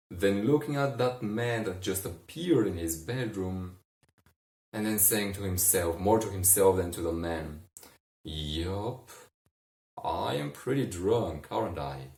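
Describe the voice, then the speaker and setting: A man narrates a bedtime sleep story softly, wandering and correcting himself as he goes. His voice is deep and unhurried. The recording is roomy and a little distant. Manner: meandering, self-correcting, soft-spoken.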